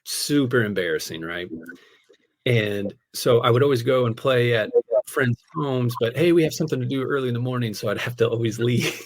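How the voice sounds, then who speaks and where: A man who is a pastor, telling a personal story in casual conversation. He is animated, laughs often and fills his speech with "like" and "man". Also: medium pitch, fairly quick. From United States. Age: adult, a parent.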